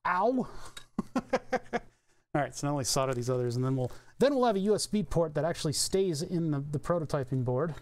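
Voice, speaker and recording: A man's voice: on the high side, lively intonation, fast talker, few pauses, a little mellow. Rambling man thinking aloud at a workbench. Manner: rambling, offhand, thinks aloud, swears casually. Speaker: electronics streamer. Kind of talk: casual live-stream chat while soldering. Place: home electronics workbench.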